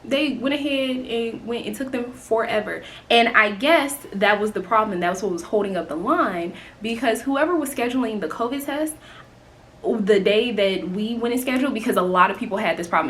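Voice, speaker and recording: A young woman from Indiana with a Southern accent, telling a casual vlog story in an animated, swearing way. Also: mid-range voice. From Indiana, United States. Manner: animated, swears freely, quick to laugh. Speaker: vlogger.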